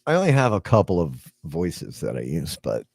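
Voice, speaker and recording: A man's voice: sits low, wildly swooping pitch, normal speed, gravelly, a little mellow, husky, no echo, clean studio sound. A man co-hosting a live stream from his home workshop, rambling casually and laughing easily. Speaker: co-host.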